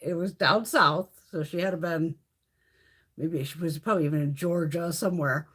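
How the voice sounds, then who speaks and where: A woman's voice: deep voice, fairly even intonation, normal speed, breathy edge. A woman hosting a live beauty stream, chatting with viewers in a blunt, profane, ranting way and laughing often. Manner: laughs often while talking. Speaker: beauty livestream host.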